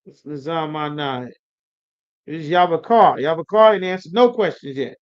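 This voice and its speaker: A man's voice: on the high side, normal speed. A man teaching a live online scripture class. He calls on students by name, coaxing and chiding them in a slangy, casual way. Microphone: video call. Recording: lo-fi livestream audio.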